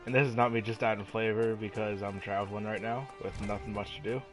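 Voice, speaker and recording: A man's voice: lowish voice, steady tone, quick pace, music in the background. A man hosting a gaming channel, giving playful, rambling let's-play commentary and joking about himself. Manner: playful, rambling, self-mocking.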